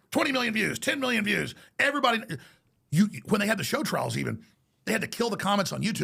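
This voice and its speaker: A man's voice: sits high, bright, forceful tone. A man speaking as a podcast guest, ranting in a defiant, combative way. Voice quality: gravelly. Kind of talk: heated interview talk.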